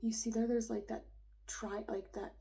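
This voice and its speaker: A woman's voice: a little high, level tone, normal speed, creaky, warm tone, rough recording. A young woman reading an astrology chart aloud in a casual, rambling way, hesitant and full of fillers, often dropping to a whisper. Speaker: astrology reader.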